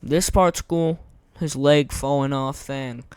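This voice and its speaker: A young man giving casual, rambling gameplay commentary, his voice going hoarse, slangy and repeating himself. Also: mid-range voice, steady tone, slow pace, no echo. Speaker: gaming content creator.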